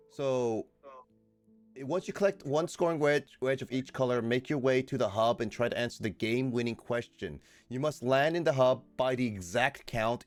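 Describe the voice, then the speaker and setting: A man streaming a board game with friends, reading the rules aloud haltingly and breaking off mid-word to restart. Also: mid-range voice.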